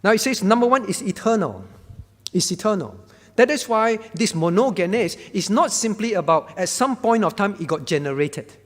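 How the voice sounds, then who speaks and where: A man teaching a Bible question-and-answer session as pastor. His voice sits high for a man. He explains step by step, often checking that his listeners follow, and a long reverb from the hall trails after his words. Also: animated, moderate pace.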